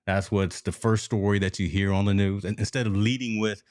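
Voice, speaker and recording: A man hosting a casual sports talk podcast, telling stories in an animated way and talking straight to his listeners. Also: on the low side, brisk, no room sound, studio quality. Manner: animated storytelling, addresses listeners as folks. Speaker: podcast host.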